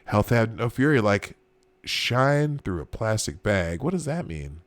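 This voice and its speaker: A man's voice: on the low side, big pitch swings, unhurried, no echo. Man, host, casual live commentary, exclamatory, laughs a lot, dry close sound. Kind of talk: casual live commentary reacting to online posts.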